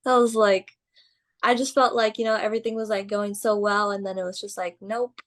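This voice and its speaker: A young woman talks easily in an interview, her voice sitting in a middle register. She tells her stories in an animated way, peppered with "like" and "um" and quick laughs. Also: medium pitch. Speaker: guest, pro wrestler. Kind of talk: casual interview storytelling.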